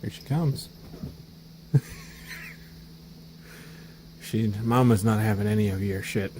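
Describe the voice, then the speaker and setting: A man at home talking to his cats in soft, cooing baby talk, chuckling often as he films them on a handheld camera. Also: lowish voice, slow, slight background noise, rough recording. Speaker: pet owner filming his cats. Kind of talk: casual talk to pets. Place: home indoors, hallway and living room.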